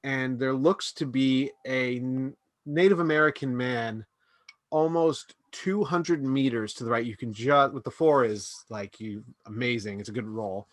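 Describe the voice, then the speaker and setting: A man serves as game master for a tabletop session, talking casually with frequent fillers and restarts. His voice sits at an average pitch, recorded dry with no room sound. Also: a little slow, no echo. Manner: casual, hesitant narration with fillers. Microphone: home microphone on a stream.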